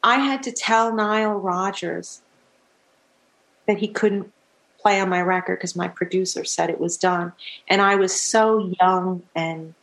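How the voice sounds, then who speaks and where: A middle-aged woman musician, a guest telling stories in a casual interview, animated and laughing often as she acts out what people said. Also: medium pitch, a little slow.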